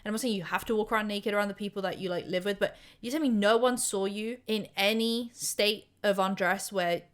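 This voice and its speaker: Woman host, storytime commentary, rapid-fire, rambling and sweary, mid-pitched. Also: clear, resonant tone. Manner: rambling, casual, swears, heavy use of "like".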